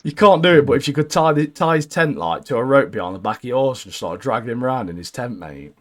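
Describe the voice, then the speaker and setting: A man's voice: mid-range voice, expressive, fast, a bit bright. A young man co-hosting a casual gaming podcast, bluntly giving his opinions and saying "mate" constantly. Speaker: podcast co-host.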